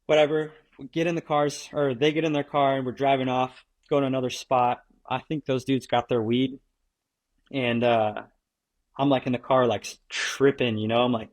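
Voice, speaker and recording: A young man, appearing as a guest skateboarder, tells a story in a relaxed, casual way, constantly saying "dude" and "like." His voice is medium-pitched and steady, at a moderate pace.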